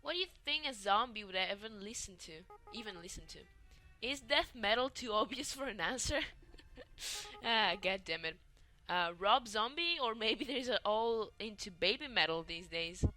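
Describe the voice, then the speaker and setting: A woman's voice: mid-range voice, moderate pace, faint music behind. Giggly young woman reading a game. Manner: giggly, animated reactions. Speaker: gaming video host. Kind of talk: reading a story game aloud with reactions.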